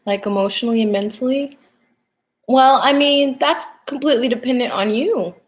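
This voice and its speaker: A woman's voice: on the high side, a little slow. A young woman hosting a casual live stream as a tarot reader, chatting, greeting viewers by name and laughing often.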